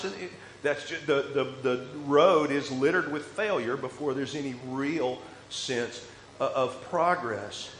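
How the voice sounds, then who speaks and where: A man pastor preaching a sermon in a casual, joking way, moving between loud emphasis and quiet asides. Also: mid-range voice, a little slow, a little hiss or hum. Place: church sanctuary. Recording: echoey room with faint ambience.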